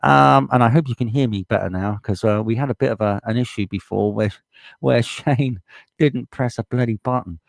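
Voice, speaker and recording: A man's voice: medium pitch, moderate pace, gravelly, no echo, clean studio sound. Blunt British man on a live stream. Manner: blunt, swears freely, gets heated. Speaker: livestream host reading viewer comments. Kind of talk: casual live chat. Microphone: desktop USB microphone.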